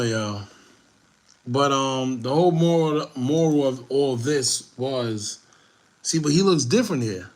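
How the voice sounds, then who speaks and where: A young man, reacting to a video for viewers, breathless, laughing and swearing casually. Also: mid-range voice. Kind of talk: casual commentary, talking to viewers.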